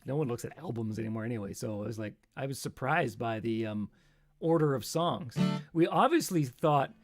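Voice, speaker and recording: A man hosting a live stream as a musician, chatting casually in a rambling, self-deprecating way with quick asides. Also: a little high, vocal fry.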